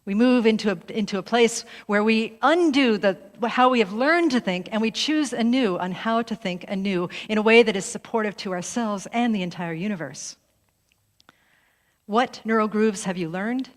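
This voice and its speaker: A woman's voice: mid-range voice, normal speed. A middle-aged woman minister giving a conversational sermon to her congregation, often breaking into laughter. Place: church sanctuary. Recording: long hall reverb.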